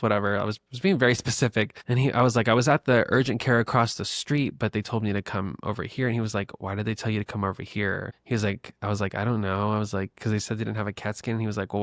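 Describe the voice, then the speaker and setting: A man's voice: fairly low pitch, creaky, no echo, clean studio sound. A young man hosting his own podcast, telling a personal story in a chatty, casual way and calling his listeners "besties". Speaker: podcast host. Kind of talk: casual solo podcast talk.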